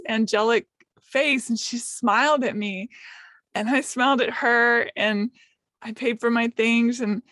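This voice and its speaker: A woman's voice: fairly high pitch, fairly bright tone, dry recording, clean studio sound. Emotional woman telling a personal story. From United States. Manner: emotional, self-deprecating, quotes others in light voices. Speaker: podcast host, guest.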